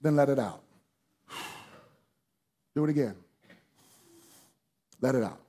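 A man preaching a sermon to a congregation, calling on them to respond, moving from hushed teaching to shouted preaching. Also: medium pitch, slow pace. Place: church sanctuary with congregation.

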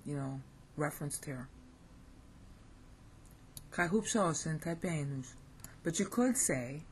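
An American Greek teacher with a low voice gives a relaxed lesson, reading Greek phrases aloud while thinking out loud and correcting herself. A little background noise can be heard.

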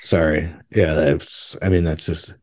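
Very deep-voiced man joking around. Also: level tone, measured pace, darkish tone. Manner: rambling, jokey, laughs often. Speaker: podcast co-host. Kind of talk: casual chat.

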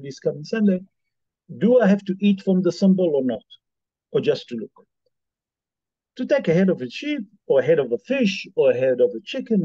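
Male rabbi, somewhat high pitch, mellow tone, emphatic teacher asking rhetorical questions; dull, dry recording. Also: breathy edge, no room sound. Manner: rhetorical questions, emphatic, non-native English. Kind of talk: Torah lesson.

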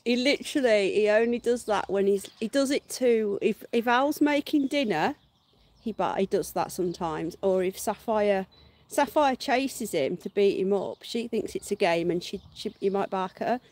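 This garden livestream host speaks in a mid-range, slightly mellow voice with lively intonation and a moderate pace. Recorded outdoors, she chats with viewers and coos at her dog in baby talk, laughing a lot.

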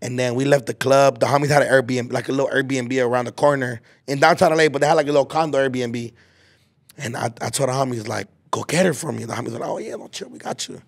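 Gravelly young man telling a rambling story. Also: mid-range voice, fairly even intonation, fast. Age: 20s. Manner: rambling storyteller, lots of filler and slang. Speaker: podcast host. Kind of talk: casual chat.

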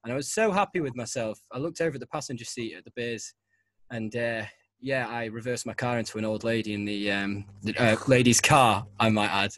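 A young man hosts a casual podcast, rambling through stories and laughing easily. His voice sits at an ordinary middle pitch, and the sound is close and dry, with no room around it. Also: fairly quick, a bit bright, no room sound. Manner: chatty, laughs often, rambling. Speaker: podcast host. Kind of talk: casual chat.

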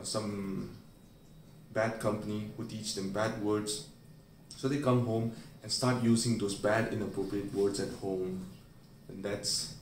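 A man's voice: medium pitch, darkish tone, slight background noise. A man teaching a medical memory aid by telling everyday stories and briefly acting out the people in them. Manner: storytelling, playfully acting out everyday scenes. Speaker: medical educator. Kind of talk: explaining a memory aid with acted-out examples. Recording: roomy sound, recorded from a distance.

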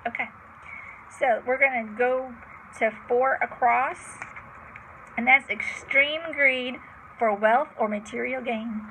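Woman teacher, higher pitch, gravelly, slow patient spelling, chatty. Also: fairly even intonation, bright, forceful tone, slight background noise, low-quality recording. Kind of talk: homeschool vocabulary lesson, spelling words aloud.

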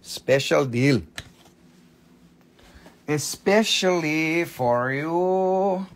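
Gravelly man hawking stones live. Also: on the high side, drawn-out words. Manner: joking patter in playful broken English. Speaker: seller on a live shop stream. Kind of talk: live sales pitch.

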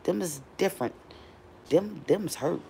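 A woman's voice: lowish voice, measured pace, gravelly, slight background noise. Chatty middle-aged woman live streaming. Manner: animated, chatty, calls out to viewers. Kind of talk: casual live stream chat. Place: home doorway.

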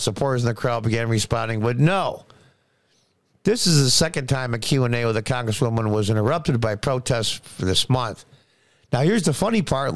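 A man's voice: medium pitch, no room sound, clean studio sound. A man hosting political commentary in a scornful, sarcastic way, often repeating words for emphasis.

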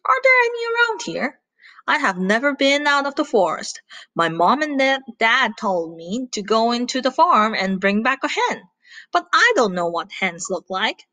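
A woman's voice: on the high side, sing-song, moderate pace, sharp tone, dry recording. A woman voicing a small, naive young male wolf who speaks politely and eagerly. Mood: innocent.

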